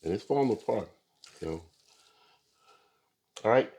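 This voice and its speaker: A man with a low, mellow voice hosts a laid-back barbecue video outdoors at his grill. He chats to viewers in a relaxed way, dropping plenty of "uh"s as he works. His tone stays dark and unhurried. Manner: relaxed, talks to viewers with many fillers. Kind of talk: casual cooking demonstration.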